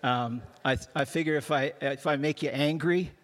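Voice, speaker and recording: A man's voice: fairly high pitch, fairly even intonation, moderate pace, fairly bright tone. Joking older male preacher in a hall. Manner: self-deprecating, joking, with frequent restarts. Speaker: guest pastor. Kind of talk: humorous sermon. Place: large church hall. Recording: long hall reverb.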